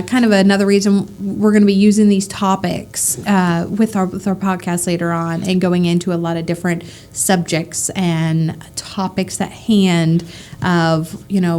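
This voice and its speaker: A woman's voice: medium pitch, a little mellow. A woman co-hosting a casual podcast chat, with a slight Midwestern twang. She rambles, giggles, and fills her sentences with ums and likes. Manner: rambling, giggly, many fillers. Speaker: podcast co-host.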